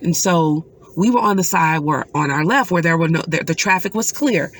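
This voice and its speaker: A middle-aged woman, a mother, telling a personal story in an earnest, emotional way with pauses. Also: fairly low pitch, animated, slight background noise. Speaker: mother recounting a dream.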